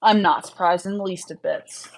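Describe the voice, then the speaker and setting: A woman's voice: fairly low pitch, moderate pace, creaky, poor audio. A young woman hosting a casual livestream, chatting frankly with viewers and answering their questions with lots of fillers. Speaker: livestream host, rabbit breeder.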